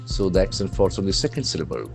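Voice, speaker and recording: A man's voice: sits low, big pitch swings, fast talker, vocal fry, soft background music. A man teaching vocabulary from the newspaper, spelling words out letter by letter and repeating them for practice. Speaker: English language trainer.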